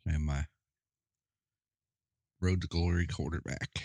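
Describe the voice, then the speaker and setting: A young man with a fairly low voice talks loosely over his gameplay, cursing freely and laughing at his own bad luck. He rambles in a relaxed, offhand way. The sound is dry and close, with no room around it. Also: takes it slowly, dry recording. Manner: profane, laid-back, laughing, rambling. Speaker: gamer playing a college football game. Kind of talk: casual gameplay chat.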